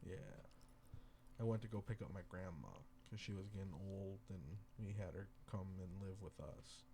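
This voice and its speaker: A man's voice: deep voice, normal speed, slight background noise. Slangy laid-back young man chatting. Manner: laid-back, slangy, animated when telling stories. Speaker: podcast co-host. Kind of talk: casual chat.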